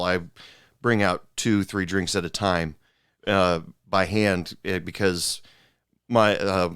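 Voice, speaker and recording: Low-voiced man host, halting chat. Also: clean tone, no room sound, clean studio sound. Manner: relaxed, halting, many fillers and restarts. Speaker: podcast host. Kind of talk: casual chat.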